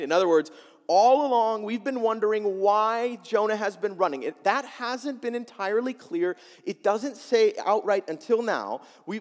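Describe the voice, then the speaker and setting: A male pastor preaching a sermon, expressive, moving between loud emphasis and quiet asides. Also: high-pitched. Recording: long reverb of a large hall.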